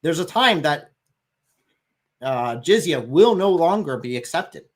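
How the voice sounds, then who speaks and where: A man's voice: on the high side, lively intonation, measured pace. A man making his case in a livestream discussion, emphatic and sarcastic at times.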